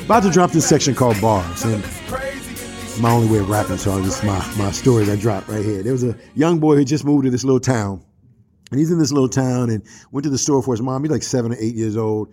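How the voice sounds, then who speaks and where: A man hosting a church radio talk show, telling a story with animated, preacherly energy and street slang. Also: mid-range voice, quick pace, over music.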